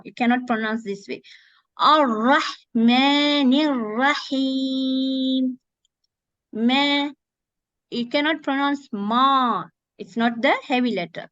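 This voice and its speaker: A woman teaching Quran recitation in an online lesson, demonstrating words slowly and often correcting herself. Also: a little high, a bit bright, no echo. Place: online video call. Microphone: computer mic on a video call. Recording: dull, dry video call audio.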